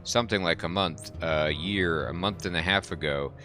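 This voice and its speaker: A worn-out, grieving brother from a video game, as a man reads him aloud speaks in halting, emotional bursts. The voice sits deep, yet it has a bright, forceful edge. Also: faint music behind. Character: grieving, exhausted, tipsy man seeking truth about his brother.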